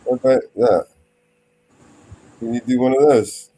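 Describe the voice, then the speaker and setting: A man's voice: medium pitch, steady tone, a little slow, warm tone, breathy edge. A man hosting a livestream, bantering crudely and teasing as he swears freely. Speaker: livestream host.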